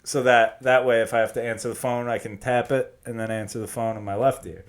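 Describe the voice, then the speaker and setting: A man's voice: mid-range voice, a little fast. A man co-hosting a podcast, telling crude, joking stories in casual chat. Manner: crude, joking, animated storytelling. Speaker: podcast co-host.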